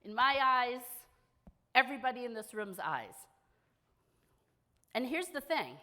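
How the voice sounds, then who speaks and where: A woman's voice: on the high side, big pitch swings, a little slow, pushed and bright. A woman from small-town Massachusetts giving a keynote talk on stage, telling a personal story candidly with wry, self-deprecating humor. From small-town Massachusetts, USA. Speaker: keynote speaker at a widowhood conference. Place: conference stage before an audience.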